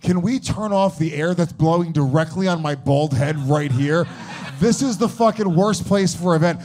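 A man's voice: fairly high pitch, normal speed, a little mellow, slight background noise. A man rambling and complaining in casual comedic banter on a live podcast at an event venue. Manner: rambling, self-interrupting, complaining.

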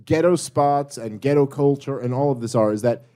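A man's voice: medium pitch, moderate pace, mellow. A man joking wryly in a casual comedy podcast. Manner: wry, joking.

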